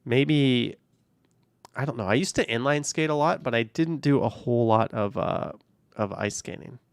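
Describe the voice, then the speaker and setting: A man's voice: mid-range voice, moderate pace, clear, resonant tone, no room sound. A young man hosting a casual live stream from his car, reading viewer messages, thanking supporters and answering questions in an easygoing way. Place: car, driving around the city.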